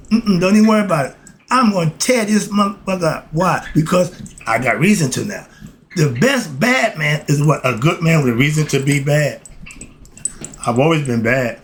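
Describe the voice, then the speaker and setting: A man talks through a list of philosophical principles in blunt, informal street speech. His voice sits a bit high and swings widely as he gets worked up. A faint hiss runs underneath. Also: low-quality recording. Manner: animated, street talk, bursts into shouting then apologizes. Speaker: host. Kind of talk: casual spoken commentary on philosophy.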